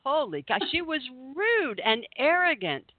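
A woman's voice: sits high, measured pace, no room sound. A woman co-host tells a story on a casual talk show, voicing each quote with relish. Her voice comes through a narrow, phone-like band with a dry sound. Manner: animated storyteller acting out quotes. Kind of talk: casual radio chat.

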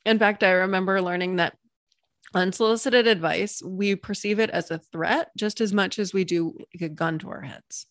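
An enthusiastic woman coach explaining concepts to an interviewer, painting vivid little scenes as she goes. Her voice is mid-range, neither high nor low. The sound is close and dry, with no room echo. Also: normal speed. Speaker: Human Design coach, guest.

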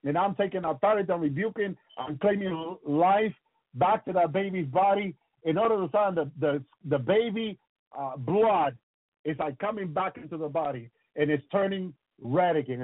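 A man with a high voice preaches with fervent testimony and keeps breaking in with praise. He often repeats and restarts his phrases. The recording is dry and sounds thin, like a phone line. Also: no room sound. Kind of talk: testimony sermon. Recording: tinny phone-like broadcast sound.

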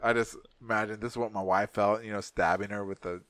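A man's voice: on the low side, fast talker, no room sound. A man co-hosting a podcast, telling a story in casual, profane chat and acting out the voices of the people in it. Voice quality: profane, animated, acts out voices in anecdotes. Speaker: podcast co-host.

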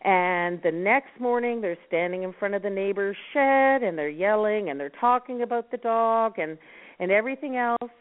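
A woman from Nova Scotia who founded a dog rescue network, calmly giving advice as a guest on a radio talk show. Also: mid-range voice, moderate pace. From Nova Scotia, Canada. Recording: tinny phone line.

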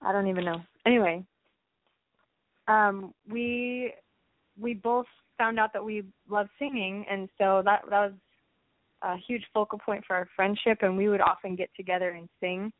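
A woman guest chats on a radio show, pausing often with ums as she thinks. Her voice is dry and close, and it comes through a narrow, phone-like line. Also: mid-range voice, fairly even intonation, no room sound. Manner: hesitant, with frequent ums. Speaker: guest singer. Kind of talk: casual chat.

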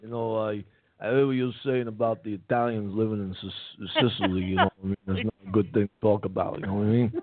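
Tough-guy impression by a man: low, mumbling, dry, lo-fi. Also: flat delivery, fast, no echo, close to an everyday voice. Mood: brooding. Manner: mumbling, repeats "you know what I mean". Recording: phone-like lo-fi sound, from far off.

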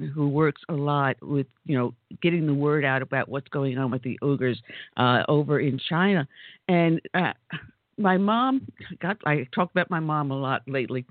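A woman's voice: sits low, no room sound. A woman hosting a conservative talk radio show, chatty and telling stories with exclamations. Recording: tinny phone-like line.

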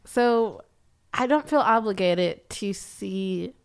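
A woman on a podcast panel, speaking in a thoughtful, measured way. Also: medium pitch, lively intonation, gravelly, clear, resonant tone. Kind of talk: casual roundtable chat.

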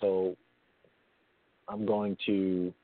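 A man co-hosts a recovery talk show in casual radio style, explaining things earnestly and repeating many phrases. His low-pitched voice is level and very slow, heard over a phone line instead of his headset.

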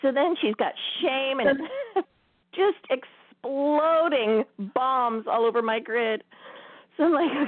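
High-pitched lady host, slow and giggly, sounds like a dry tinny phone line. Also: dry recording. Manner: laughs often while telling a story. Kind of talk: casual storytelling on air.

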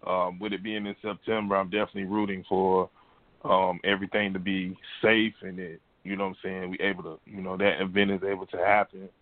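A man's voice: sits low, flat delivery, fairly quick, no echo. A man hosting a call-in show, talking in laid-back slang over a phone line. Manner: laid-back slang, frequent "you know what I'm saying". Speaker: radio show host. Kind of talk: casual call-in chat.

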